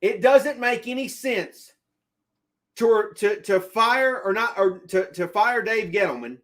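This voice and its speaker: High-voiced man arguing sports on a stream. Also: fairly bright tone. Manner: emphatic, repeats himself, argues with chat. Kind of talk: live-stream football commentary.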